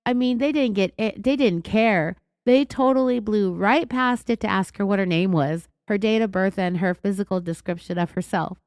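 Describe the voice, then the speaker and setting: A woman with a California accent hosting a true crime podcast, raspy from being sick, telling the story in an indignant, sarcastic way. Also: medium pitch, moderate pace, hardly any pauses, a little mellow, dry recording, clean studio sound. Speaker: podcast host.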